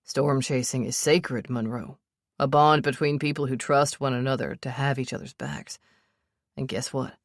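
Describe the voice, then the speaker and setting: A woman voicing a gruff, protective young man who chases storms, speaking low and close in an audiobook. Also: steady tone, moderate pace, no room sound. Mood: teasing. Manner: low growling tone, tender under strain.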